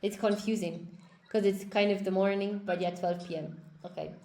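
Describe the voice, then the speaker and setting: A woman's voice: mid-range voice, steady tone, moderate pace, darkish tone, reverberant. A woman English teacher hosting a live stream, upbeat and encouraging as she chats with callers and reads out viewers' comments.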